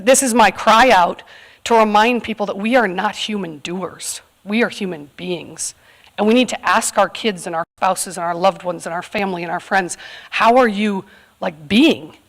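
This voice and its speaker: A woman from California, in her thirties, speaking candidly and earnestly to a live audience, with frequent fillers. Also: mid-range voice. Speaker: community event speaker. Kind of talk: personal talk to a live audience.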